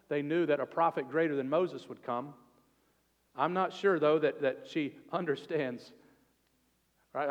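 A man preaching a sermon as pastor, earnest and expressive, sometimes dropping to a soft, intimate tone. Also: on the high side. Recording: long reverb of a hall.

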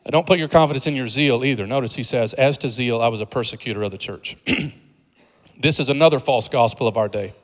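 A man's voice: mid-range voice, quick pace. A man preaching a sermon in a conversational, humorous way, building to emphatic points. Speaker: pastor. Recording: long hall reverb.

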